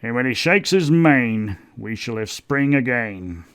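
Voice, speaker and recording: A hearty talking beaver, as a man reading aloud puts him on, laughs easily and booms out his words. The delivery swings widely in pitch and lands slowly and deliberately on each phrase. It is a warm-natured storybook creature full of conviction. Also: expressive. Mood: jolly. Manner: booming, laughing, emphatic.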